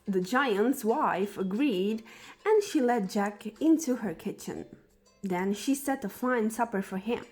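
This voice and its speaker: A woman reading a fairy tale aloud for children as a storyteller, in a slow and deliberate way. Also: medium pitch.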